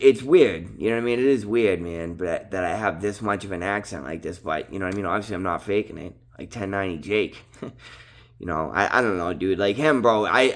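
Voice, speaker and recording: A man with a strong Boston accent, talking straight to camera in a rambling, casual monologue full of "bro" and "dude". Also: fairly low pitch. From Massachusetts. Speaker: vlogger.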